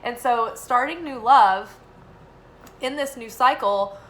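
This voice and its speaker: Bright-voiced chatty young woman. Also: a little high, slow, rough recording. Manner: rambling, filler-heavy, animated when quoting. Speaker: tarot reader. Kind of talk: casual spoken reading and storytelling.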